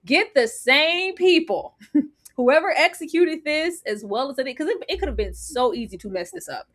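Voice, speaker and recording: Woman, co-host, casual live recap chat, expressive, emphatic, laughs often. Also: sits high, moderate pace.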